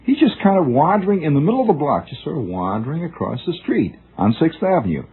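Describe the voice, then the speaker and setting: On a tinny old radio broadcast, a man tells a rambling, musing story as a monologue, discursive and often restarting. His voice is fairly high and husky, with big pitch swings, and he talks fast.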